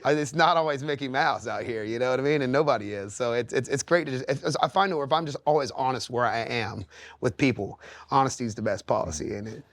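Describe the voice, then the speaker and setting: An earnest man in his thirties talks openly as a podcast guest. He rambles, circles back and restarts his thoughts at a mid pitch, and the dry close mic carries no room sound. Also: quick pace, a bit bright, no echo. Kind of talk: candid conversational interview. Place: podcast studio.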